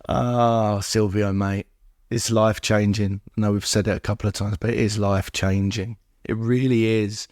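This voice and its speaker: On a studio-quality recording with no echo, a podcast guest talks at a measured pace in a low, level, darkish voice. He is sincere and emotional, repeating himself and stringing words together in rhythmic runs.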